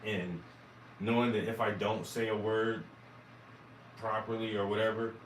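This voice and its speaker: A man's voice: on the low side, flat delivery, unhurried, roomy sound, recorded from a distance, a little hiss or hum, poor audio. A man from South Carolina with a Southern accent, rambling and swearing as he talks casually to his viewers. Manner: rambling, profane, self-amused. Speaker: vlogger and musician. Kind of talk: casual talk to camera.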